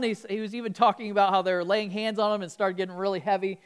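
A woman preaching a casual, conversational sermon in a church, often restarting words and growing animated as she tells a story. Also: mid-range voice, fast, hardly any pauses, smooth.

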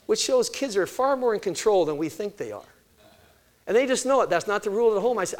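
An older man giving a sermon-style talk on parenting, animated, asking his listeners questions and answering them himself. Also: high voice, quick pace. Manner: animated, acts out family conversations. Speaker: parenting speaker.

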